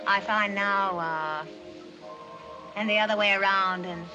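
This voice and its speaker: An actress playing a poised, wealthy young society woman in a 1940s film, speaking with a crisp, airy mid-Atlantic accent. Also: mid-range voice, fairly even intonation, unhurried, highs cut off, close to an everyday voice. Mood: wistful. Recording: old film soundtrack with clear music.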